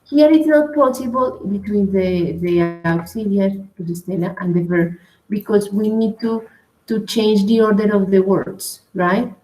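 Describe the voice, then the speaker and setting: A woman's voice: mid-range voice, measured pace, mellow. Patient woman teacher in an echoey room. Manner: patient, explains step by step with frequent "right?" and "okay?". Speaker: English teacher. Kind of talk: online class explanation. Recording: echoey room, faint noise.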